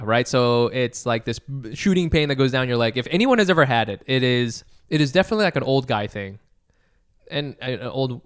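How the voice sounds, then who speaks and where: Young dude cohost rambling a story, swears a lot, smooth clear voice, mid pitch. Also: male voice. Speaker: podcast co-host. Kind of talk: casual chat.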